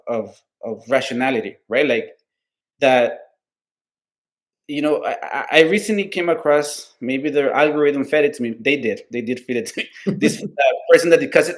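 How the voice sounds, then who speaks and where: A man co-hosting a casual political podcast, talking earnestly and at length, swearing freely and tagging nearly every point with "right?". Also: mid-range voice. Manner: earnest, rambling, heavy swearing, constant "right?" tags; heartfelt, openly emotional about his values. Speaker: podcast co-host.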